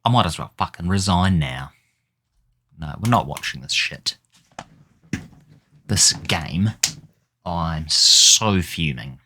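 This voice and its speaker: A man's voice: sits low, animated, slow, pauses often, fairly bright tone, a little hiss or hum. A man giving casual gameplay commentary, exasperated and swearing as he mutters at the game. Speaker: gaming YouTuber.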